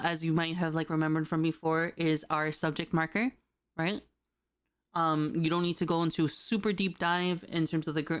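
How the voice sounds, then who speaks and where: A woman's voice: fairly low pitch, clean tone. A woman streamer giving a casual livestreamed Japanese lesson, chatty and loose, with lots of fillers and a habitual "right?". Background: soft background music.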